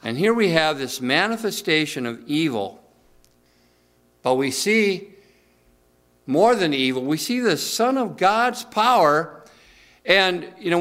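Earnest preaching man, slightly high voice. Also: a bit bright. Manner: earnest, slows down for emphasis, frequent restarts. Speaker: pastor. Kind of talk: sermon.

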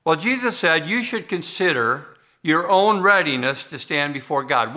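A man's voice: a little high, expressive, moderate pace, pushed and bright. A man preaching a sermon as pastor of a church, talking conversationally with frequent restarts and fillers.

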